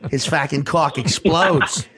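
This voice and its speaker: A man's voice: fairly high pitch, slow, a bit bright. A man putting on a Boston accent to voice a crude local gossip who warns a friend, laughing as he goes. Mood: mock warning. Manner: crude, mock-alarmed, laughing through it.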